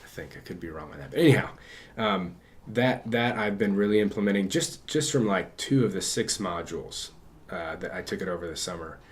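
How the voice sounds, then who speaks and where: A man's voice: low-pitched, lively intonation, fairly quick. A man guesting on a casual podcast interview, talking in a rambling way with many restarts. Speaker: guest physical therapist. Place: in person with hosts.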